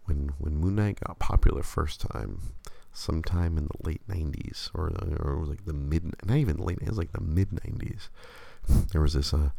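A man's voice: rumbling low, normal speed, creaky, mellow, dry recording. A man hosting a show, chatting casually and rambling with many stammered restarts. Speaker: podcast host. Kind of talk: casual chat.

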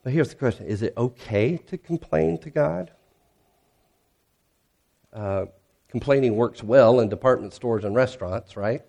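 A man's voice: medium pitch, measured pace, gravelly, pauses often, mellow. A male pastor preaching a sermon in a conversational way, posing rhetorical questions and reading scripture aloud with rising intensity.

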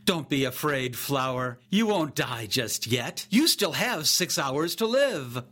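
A man's voice: medium pitch, big pitch swings, slow, fairly bright tone, exaggerated voice. A man voicing a slender, mocking teenage soldier who taunts a prisoner in a sneering way. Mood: taunting.

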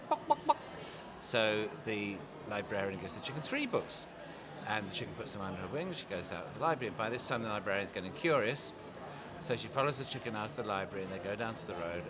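A man with a lowish voice answers slowly, searching for his words before settling into a steady storytelling rhythm. The chatter of a thick crowd rolls around him outdoors. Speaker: author guest. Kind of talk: casual interview answers, telling a joke.

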